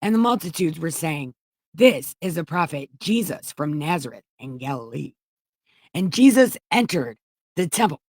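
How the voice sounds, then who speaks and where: A woman's voice: sits low, big pitch swings, moderate pace, dry recording. Woman doing a comedy bible reading, swears a lot, keeps cutting herself off, dry close sound. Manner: profane, mocking asides between verses; loose, self-interrupting delivery. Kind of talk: irreverent scripture reading with commentary.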